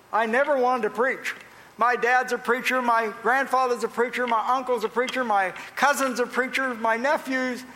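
A male pastor from Pennsylvania preaches a sermon full of folksy stories, booming on points of emphasis and dropping into quiet asides. The recording is rough, with a big-room sound.

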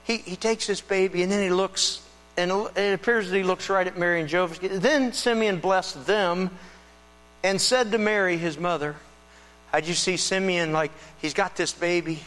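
Man preaching in a reverberant hall. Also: a little high. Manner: conversational, animated storytelling with restarts. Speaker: pastor. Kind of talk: sermon. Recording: reverberant hall with mains hum.

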